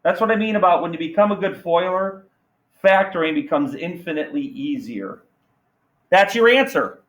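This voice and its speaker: Energetic man teaching a math class. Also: high-pitched, moderate pace, low-quality recording. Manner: energetic, questioning students, playful asides. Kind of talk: classroom lesson.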